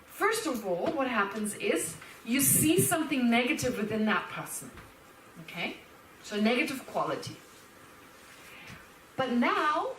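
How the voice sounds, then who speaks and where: A woman teaching Buddhist philosophy as a lecture, lively and animated, laughing and acting out little quotes as she explains. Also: high-pitched, slight background noise. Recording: roomy hall, speaker far from the mic.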